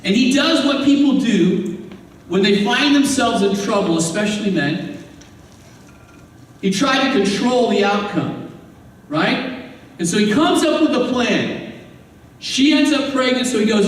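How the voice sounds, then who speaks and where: A man's voice: extremely high pitch, animated, normal speed. A man preaching a sermon as pastor, telling the story conversationally with asides and acted-out voices, in a church sanctuary. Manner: acts out quoted voices. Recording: echoey hall, distant mic, faint room noise.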